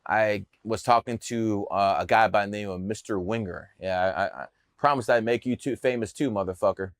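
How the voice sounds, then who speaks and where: A man's voice: on the low side, normal speed, no room sound, clean studio sound. A man telling stories in a casual interview, brash, boastful and profane. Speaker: podcast guest telling his story.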